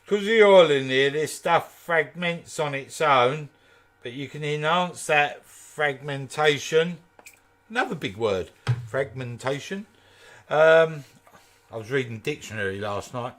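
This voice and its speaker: A man's voice: a little high, measured pace, fairly bright tone. A man from East London with a Kent accent, hosting a woodturning video, chatting casually and joking while answering viewer comments as he works. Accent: Kent English. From East London, England. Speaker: woodturning channel host. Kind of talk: casual live demo chat.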